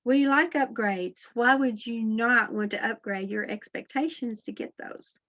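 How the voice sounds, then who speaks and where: A Christian motivational speaker with a slightly high, somewhat bright voice delivers an earnest, encouraging faith talk at a measured pace. She often asks her listeners questions, and the sound is lo-fi.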